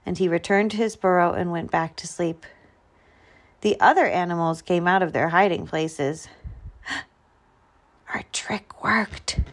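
A woman reading a children's picture book aloud, slow and expressive. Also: lowish voice. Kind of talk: storybook read-aloud.

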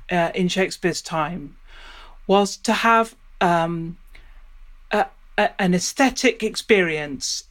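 A woman professor explaining in an interview, thinking aloud and often stopping to restart her sentences. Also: medium pitch. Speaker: professor of Shakespeare studies.

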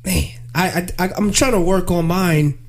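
A man's voice: sits high, normal speed. A man hosting a podcast, chatting casually, joking and laughing easily. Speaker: podcast host. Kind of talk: casual chat.

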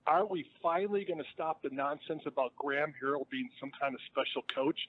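A male caller on a tinny phone line, venting bluntly and with exasperation to a sports show. His voice sits a touch high, squeezed thin by the narrow phone sound. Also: fairly quick. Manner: blunt, exasperated, punchy complaints. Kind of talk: call-in comment to a sports show.

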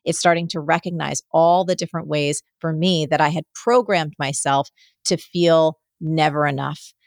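Animated lower-voiced woman telling stories. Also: creaky, dry recording. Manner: energetic, animated storyteller. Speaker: guest. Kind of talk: podcast interview, storytelling.

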